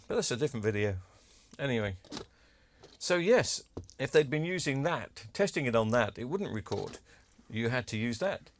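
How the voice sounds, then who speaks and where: Male, repair vlogger, chatty and cheeky, mid-pitched, dry room. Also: no room sound. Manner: chatty, self-deprecating, cheeky asides. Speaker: electronics repair video maker. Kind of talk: casual demo talk to camera.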